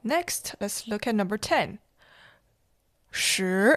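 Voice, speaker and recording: A woman hosting a language podcast, slowly demonstrating Mandarin tones with patient pauses for repetition. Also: medium pitch, expressive, no room sound, studio quality. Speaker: host, Mandarin teacher. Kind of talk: slow, deliberate language lesson.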